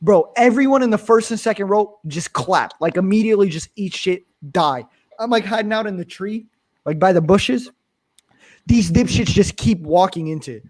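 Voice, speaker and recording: A young Pennsylvania man who streams tells a story in casual chat, swearing a lot and bursting with animated energy. His voice sits high and moves at a normal speed.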